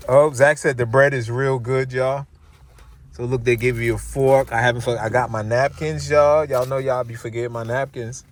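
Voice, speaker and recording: A middle-aged man from New Jersey hosting a casual vlog on a handheld phone, lively and chatty, calling his viewers y'all. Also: mid-range voice, normal speed. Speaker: vlogger host. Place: restaurant and parked car. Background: music playing.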